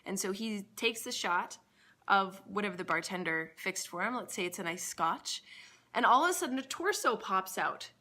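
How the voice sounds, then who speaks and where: A woman mindset coach in a casual motivational vlog, animated and laughing at her own jokes. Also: mid-range voice, moderate pace.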